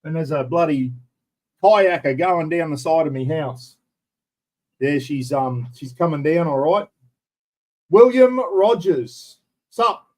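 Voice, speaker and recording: A man's voice: a little high, a little slow, a little mellow, low-quality recording. An older Australian man hosting a casual live stream from home, chatting loosely and greeting viewers by name over a built-in computer mic. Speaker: livestream host. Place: indoors at home. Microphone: computer's built-in microphone.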